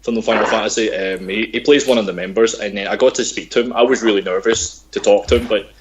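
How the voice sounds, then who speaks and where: Young glasgow guy on a podcast, kinda low voice, lots of ums, faint hiss behind. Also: quick pace. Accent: Glaswegian Scottish. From Scotland, Glasgow. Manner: hesitant, many ums and restarts, bursts of excitement. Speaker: podcast host. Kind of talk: casual chat.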